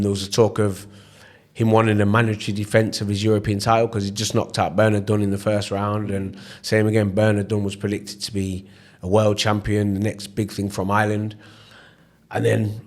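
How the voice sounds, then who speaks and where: A man with a Leicester accent, a former boxer, telling stories in a casual interview and acting out the voices of the people in them. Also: on the low side. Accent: Leicester English. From England. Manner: animated storyteller, acts out voices, repeats "you know what I mean". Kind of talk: storytelling in casual interview chat.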